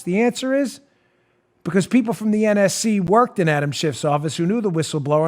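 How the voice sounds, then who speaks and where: Man, talk show host, fairly high voice, sarcastic, mocking, studio mic. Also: a little mellow. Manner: sarcastic, mocking, laughs at his own jabs. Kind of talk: opinionated commentary.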